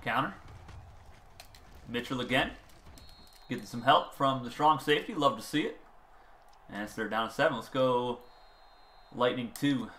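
A man giving casual commentary over his own football video game, excitable and quick to shout at bad plays. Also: medium pitch. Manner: excitable, swings from calm play-calling to loud outbursts. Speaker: gaming channel host. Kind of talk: gameplay commentary.

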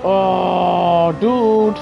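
A young British man chatting excitably to his live chat while playing a racing game on a headset mic. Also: high-pitched, drawn-out words, vocal fry, highs cut off, over music. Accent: British English. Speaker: gaming livestreamer. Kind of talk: casual live gameplay commentary. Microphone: gaming headset.

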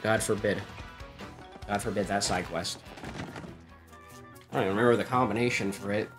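A man's voice: lowish voice, fairly even intonation, normal speed, music in the background. A man streaming a game, casual and muttering, laughing at his own slips. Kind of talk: let's play commentary, reading dialogue aloud.

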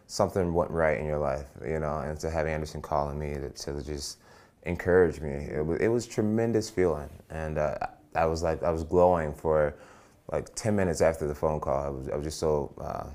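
A fighter talking in a casual interview, enthusiastic and relaxed, often restarting his sentences. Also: a bass voice, moderate pace. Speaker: professional fighter.

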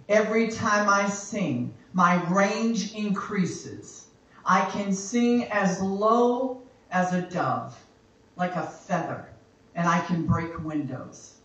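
A woman worship leader giving a spoken exhortation in a church, slow and emphatic, repeating her phrases for effect. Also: fairly low pitch, a bit bright. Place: church sanctuary. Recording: very echoey church hall from far off.

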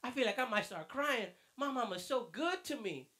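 A man's voice: very high voice, animated, moderate pace, sharp tone, pitched above the performer's own voice, full character voice. A man voicing an eager young nephew who earnestly agrees with his uncle in a church lesson skit.

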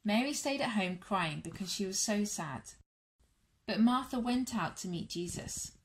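A woman reading a Bible story aloud to children and families in a church all-age session, measured and warm. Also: medium pitch, lively intonation.

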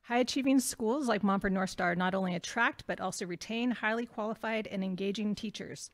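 A woman giving prepared public comment as a parent at a school board meeting, running through numbered points quickly. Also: medium pitch. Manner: rapid, itemized delivery.

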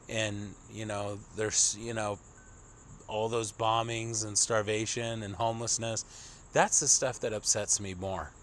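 A man's voice: medium pitch, slight background noise. Exasperated profane young man ranting. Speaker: commentary vlogger. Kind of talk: ranting political commentary.

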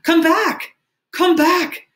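A woman reading aloud, voicing a desperate boy leader who shouts loudly and urgently in an audiobook. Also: on the low side, normal speed, close to an everyday voice.

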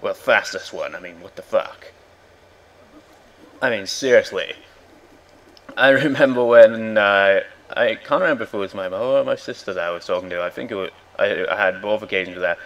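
A man's voice: fairly low pitch, moderate pace, fairly bright tone. A young man ranting in a rambling, exasperated way, swearing often while commenting on a game. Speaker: gaming video host. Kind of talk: casual rant over gameplay.

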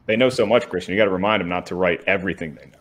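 A man's voice: low-pitched, racing, a little hiss or hum. A man co-hosting a trivia match, reading questions and teasing the other host with wry jokes. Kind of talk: joking banter and question reading.

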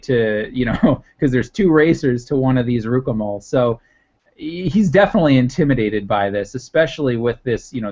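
A man's voice: medium pitch, darkish tone. Rambling male game master, lo-fi. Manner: rambling, many fillers and restarts. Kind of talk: narrating a tabletop game. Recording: dull lo-fi recording.

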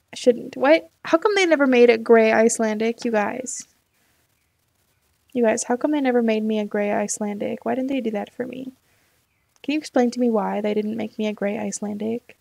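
A woman's voice: on the high side, gravelly, darkish tone, no room sound. A young woman chatting casually while playing a game, rambling and talking herself in and out of choices. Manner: rambling, indecisive, talks to herself. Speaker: gaming YouTuber. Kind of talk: casual let's-play chat.

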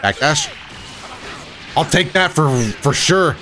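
A man giving live commentary on his own fighting-game matches, excitable, swinging between muttering and shouting, his throat a bit rough. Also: a little high, takes it slowly, faint music behind. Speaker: gaming YouTuber.

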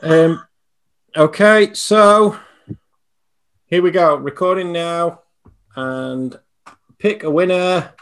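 High-voiced teasing podcast man. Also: extremely slow, pauses often. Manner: loud, teasing banter. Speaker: podcast co-host. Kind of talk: casual chat.

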